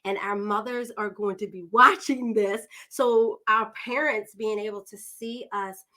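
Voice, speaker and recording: A woman's voice: medium pitch, fairly even intonation, a little slow, sharp tone. A woman hosting a podcast, introducing her guest in a chatty, digressive way, often calling listeners "y'all.". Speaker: podcast host.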